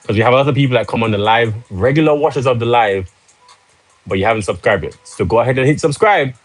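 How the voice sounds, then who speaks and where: A man's voice: mid-range voice, fast talker, no echo, soft background music, poor audio. A man hosting a live stream, casual and pushy, urging viewers with rhetorical questions and joking with the chat. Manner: salesy, pushy, laughs easily. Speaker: livestream host.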